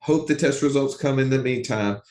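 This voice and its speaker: A man co-hosting a casual podcast, swept up in his own story. He repeats himself and acts out what people said, with a middle-pitched voice in a roomy, echoing space. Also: normal speed, darkish tone. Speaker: podcast co-host.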